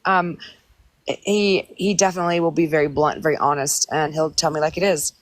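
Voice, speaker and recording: A woman with a low voice speaks bluntly and plainly, with some ums along the way. The recording is dry, with no room echo. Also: fairly even intonation, a little fast. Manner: blunt, plain-spoken, with fillers. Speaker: podcast panelist. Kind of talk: casual chat.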